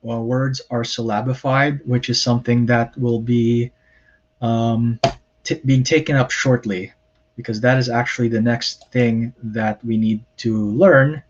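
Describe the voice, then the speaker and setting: A man gives a recorded language lesson at an unhurried pace, with frequent ums and pauses as he explains each point. His voice sits in a middle range. The recording sounds somewhat muffled and lo-fi. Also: medium pitch, fairly even intonation. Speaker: Hebrew lecturer. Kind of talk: recorded lecture.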